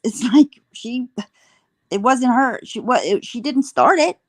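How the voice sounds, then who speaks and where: A woman's voice: fairly high pitch, lively intonation, unhurried, no room sound. A woman co-hosting a live stream, reading chat aloud and gossiping about the drama. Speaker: co-host.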